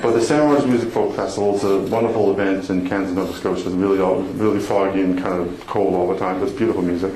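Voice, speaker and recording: A man's voice: low-pitched, steady tone, quick pace, hardly any pauses, warm tone. A man, a motivational speaker, telling a personal story to an audience with laughing, self-deprecating humor and emotion. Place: conference hall before an audience. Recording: echoey hall with room noise.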